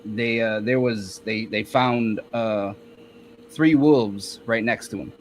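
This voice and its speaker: A man, a guest rapper, telling a story in a casual interview, halting with many restarts. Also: lowish voice, slight background noise.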